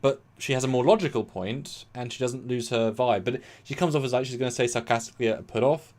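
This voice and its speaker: Animated British man reviewing an episode. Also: medium pitch, fast. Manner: animated, acts out quotes, swings loud and soft. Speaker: podcast co-host. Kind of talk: casual review chat.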